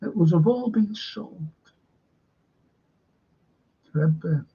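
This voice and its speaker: A man hosts a fan stream, drifting slowly through viewer comments and muttered asides. His voice is gravelly and husky, sitting a little high for a man. The audio is dull and lo-fi. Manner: rambling, slow, mutters asides. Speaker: host. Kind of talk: live stream chat reading viewer comments.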